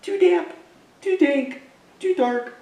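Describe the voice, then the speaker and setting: A tiny squeaky mouse. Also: male voice, animated, takes it slowly, vocal fry, echoey room, exaggerated voice. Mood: fussy. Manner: squeaky, very high and bright.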